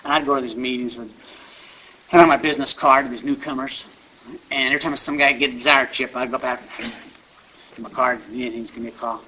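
Lo-fi recovery talk from a bright-voiced man. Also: mid-range voice, fairly even intonation, fast. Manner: conversational, rambling with restarts and asides. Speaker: recovery meeting speaker. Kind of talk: personal testimony talk. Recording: dull lo-fi recording with faint hiss.

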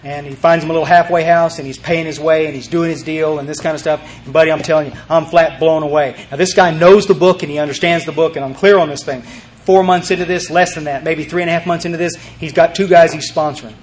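A man's voice: on the high side, fairly even intonation, fast talker, a little hiss or hum. A man speaking to a recovery group, emphatic and rambling, repeating words and restarting his sentences as he tells a story.

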